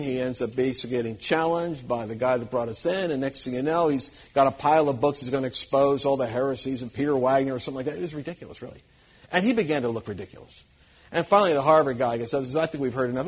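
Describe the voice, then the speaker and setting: A man preaching to a live audience, telling lively anecdotes, acting out quoted people and chuckling as he goes. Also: medium pitch, slightly rough. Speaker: Christian conference speaker. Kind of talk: storytelling sermon to a live audience.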